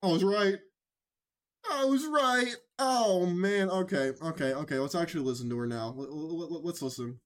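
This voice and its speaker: A man's voice: on the high side, normal speed. Mocking man reacting to clips. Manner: mocking, incredulous, emphatic. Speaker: reaction commentator. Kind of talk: reaction commentary.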